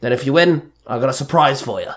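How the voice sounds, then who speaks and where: A man's voice: mid-range voice, fast talker, natural voice. A man voicing a jovial older bowling alley owner who talks heartily, chuckling. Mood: hearty.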